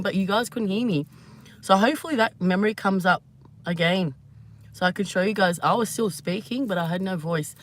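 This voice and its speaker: A woman's voice: medium pitch, normal speed. A woman losing her voice and coughing now and then, talking in a rambling, emotional, confiding way to her viewers on a live stream. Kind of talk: casual live-stream monologue.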